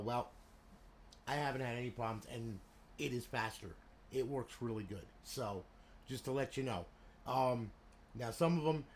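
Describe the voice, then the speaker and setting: A chatty man talks through a console he has built, leaning on "you know" and "okay" as he goes. His voice sits at a middle pitch for a man. A faint noise floor runs under the recording. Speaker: console modder and seller. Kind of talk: casual product walkthrough.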